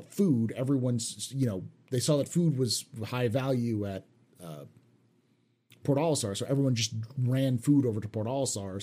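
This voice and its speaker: A man's voice: fairly low pitch, dark tone, husky. A man hosting a casual panel chat, rambling a little as he reads out viewer questions. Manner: rambling, with many restarts and fillers. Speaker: show host reading viewer questions.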